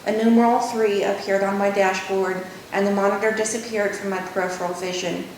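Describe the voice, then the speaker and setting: A woman author reading her novel aloud in measured first-person narration. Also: flat delivery, a little mellow, far from the mic. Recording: echoey room, faint rumble.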